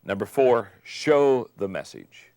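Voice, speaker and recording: An older man giving an emphatic motivational talk on leadership, repeating key phrases and building to loud peaks. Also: mid-range voice, sing-song, slow pace, no echo, studio quality. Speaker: speaker on leadership.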